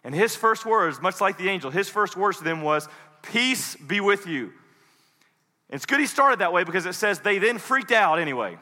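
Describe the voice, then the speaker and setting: A man preaching a sermon as an animated storyteller who slips into different voices. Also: sits high, fairly quick, few pauses, big-room sound. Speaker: pastor. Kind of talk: sermon with dramatic retelling.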